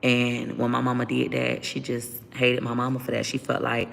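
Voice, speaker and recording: A woman speaks as an interview guest, blunt and profane as she airs her story. Her voice is deeply gravelly with constant fry and stays flat in pitch. The room adds a lingering reverb, with faint noise underneath. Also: moderate pace. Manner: blunt and profane, vents openly. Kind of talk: candid personal storytelling.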